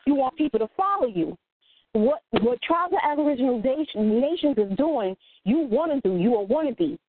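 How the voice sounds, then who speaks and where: A woman co-hosting a talk show, telling her side in an animated, indignant way. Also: sits high, normal speed, breathy edge, no room sound. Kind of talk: casual talk show discussion. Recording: tinny phone-like line, dry.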